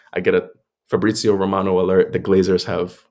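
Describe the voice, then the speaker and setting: Gravelly low-voiced man ranting casually. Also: level tone, moderate pace, darkish tone, a little hiss or hum. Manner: frustrated, opinionated fan rant with fillers. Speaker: podcast co-host. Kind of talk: casual sports chat.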